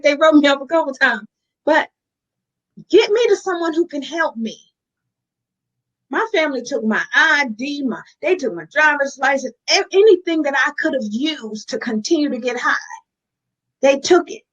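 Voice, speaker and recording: A woman with a high voice speaks frankly and earnestly as an interview guest. She talks straight to her listeners. The recording sounds dull and lo-fi. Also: animated, normal speed, a bit bright. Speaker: guest sharing her addiction recovery. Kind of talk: candid interview talk.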